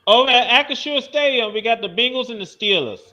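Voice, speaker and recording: A man hosting a casual sports podcast, briskly moving the talk along. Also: extremely high pitch, lively intonation, muffled recording, a crowd in the background. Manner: moves the show along, brisk. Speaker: podcast host.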